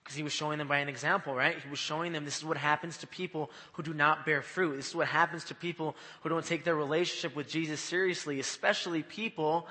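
Bright-voiced preacher in an echoing hall. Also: male voice, a little high, quick pace, few pauses. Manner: animated, conversational, often asks "right?". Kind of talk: sermon. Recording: long hall reverb.

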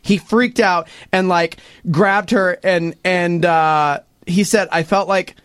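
A man casually retelling a news story to friends, animated and acting out quotes. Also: slow, clear, resonant tone, no room sound, clean studio sound. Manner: animated, puts on voices for quotes, sweeping pitch jumps. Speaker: storyteller in a podcast chat.

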